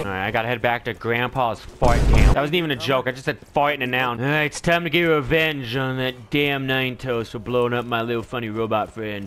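A man giving loud, joking commentary as he plays a video game, with shouty reactions. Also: mid-range voice, moderate pace, crowd noise. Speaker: gaming YouTuber. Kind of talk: let's play commentary.

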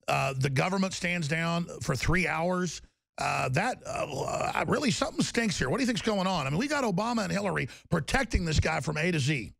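A man hosting a heated political talk show, loud and combative, often jumping into high mocking voices. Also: gravelly, no echo.

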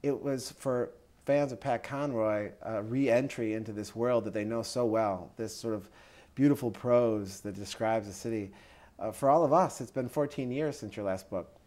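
A man's voice: medium pitch, moderate pace, a little mellow. A man interviewing an author, asking polite, admiring questions.

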